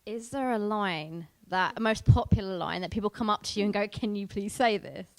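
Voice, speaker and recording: A woman interviewer at a fan convention asks her questions in a mid-pitched voice. She speaks haltingly, pausing on fillers as she finds her words. The recording is dry, with no room echo.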